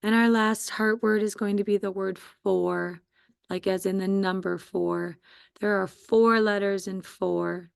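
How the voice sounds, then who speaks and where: A woman's voice: mid-range voice, steady tone, a little slow, gravelly, clean tone, dry recording, studio quality. A woman teaching a phonics spelling lesson to children, patiently sounding out letters and syllables one at a time.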